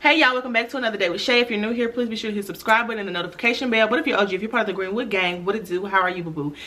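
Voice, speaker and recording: A woman's voice: medium pitch, racing, bright, forceful tone, soft background music. A young adult woman, a former teacher, hosting a chatty storytime vlog. She uses casual slang and talks straight to her viewers.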